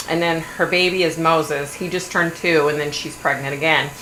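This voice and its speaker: A middle-aged woman hosting a livestream, chatting in a blunt, animated way and swearing now and then. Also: deep voice, moderate pace. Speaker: livestream host. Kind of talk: casual gossipy chat. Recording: echoey room, faint hum.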